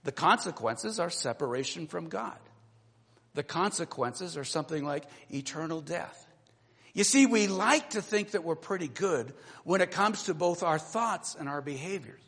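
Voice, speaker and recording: A man in his sixties preaching a sermon, telling a personal story that moves between animated and low, quiet passages. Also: normal speed, breathy edge, long reverb tail. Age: 60s. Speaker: pastor.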